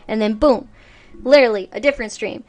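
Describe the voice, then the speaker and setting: Brief: female VTuber streamer, high-ish voice, exasperated, swears freely while ranting. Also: brisk, a little mellow. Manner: exasperated, profane storytelling. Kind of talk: casual livestream rant.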